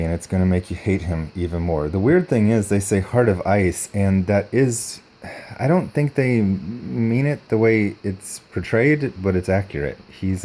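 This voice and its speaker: A young man reviewing comic books in a hushed early-morning voice, blunt and sarcastic with many fillers, coughing now and then. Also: sits low. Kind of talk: soft early-morning commentary.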